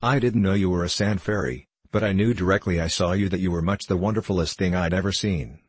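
A man's voice: sits low, steady tone, quick pace, slightly rough, dry recording. A man voicing a bold, eager young boy who speaks earnestly in a storybook reading.

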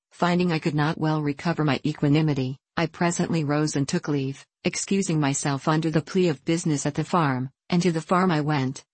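A woman reads a classic novel aloud in a measured, even storytelling manner. Her voice sits low, and the recording is dry and close. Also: dry recording. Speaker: audiobook narrator. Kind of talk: scripted narration of a classic novel.

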